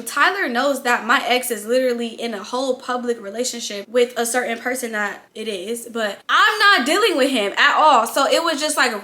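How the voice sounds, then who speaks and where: A high-pitched woman with a bright, sharp voice tells a storytime tale. She is animated and blunt, and she cusses as she talks. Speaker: vlogger. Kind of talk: storytime narration.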